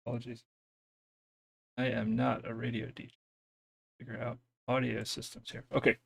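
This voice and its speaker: Gravelly man hosting a tech live stream. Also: mid-range voice, flat delivery, moderate pace, a bit bright, dry recording. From US East Coast. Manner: hesitant, many fillers, self-deprecating. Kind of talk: casual technical live stream.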